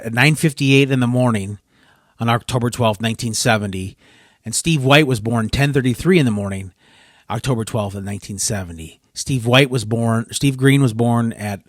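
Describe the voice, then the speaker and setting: A man hosts a solo podcast, rambling in frustration and repeatedly cutting himself off mid-sentence. His mid-range voice moves at a moderate pace, recorded with studio quality and no echo.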